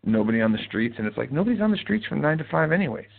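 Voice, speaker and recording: A man's voice: fairly high pitch, big pitch swings, rapid-fire, creaky. A man hosting a casual live show, telling rambling, profane, joking stories. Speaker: host. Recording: tinny phone-like sound.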